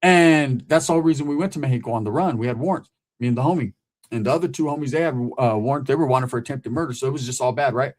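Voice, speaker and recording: A man tells a story from his past in loose street slang, his voice sitting at an ordinary middle pitch. He talks like a host chatting to his audience and keeps checking in with a quick "right?". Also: darkish tone. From California. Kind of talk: casual storytelling.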